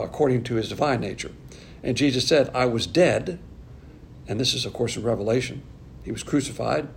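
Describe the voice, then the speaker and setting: A man's voice: mid-range voice, creaky, darkish tone, a little hiss or hum. A man giving a doctrinal Bible lesson, working methodically through numbered points and asking questions to his listeners. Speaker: Bible teacher. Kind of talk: doctrinal Bible teaching from notes.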